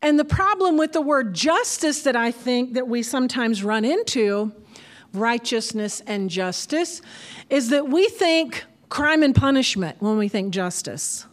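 A woman's voice: on the high side, lively intonation, a little slow. An older grandmother preaching a sermon, telling a homey story with asides and laughs.

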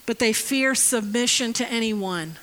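Bright, high-voiced woman pastor in her fifties. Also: unhurried, low-quality recording. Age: 50s. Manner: conversational, acts out quotes, laughs often. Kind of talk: sermon.

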